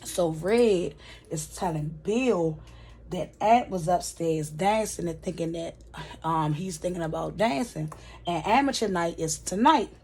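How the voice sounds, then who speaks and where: A woman's voice: fairly low pitch, unhurried, a little mellow, husky. A woman casually recapping a TV episode with chatty asides.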